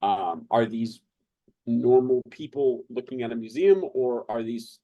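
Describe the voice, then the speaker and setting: A man's voice: medium pitch, expressive, unhurried, dry recording, muffled recording. A man playing a tabletop game, asking hedging, tentative questions. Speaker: player. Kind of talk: casual tabletop game chat.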